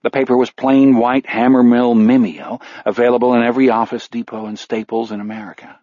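A man narrating a dark novel in a measured, grim storytelling voice. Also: mid-range voice, flat delivery, dry recording. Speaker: audiobook narrator. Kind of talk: scripted narration. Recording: dull, dry studio audio.

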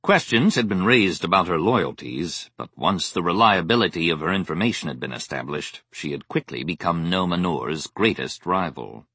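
Deep-voiced male audiobook narrator. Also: animated, moderate pace, few pauses, a bit bright, husky, no room sound. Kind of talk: scripted narration.

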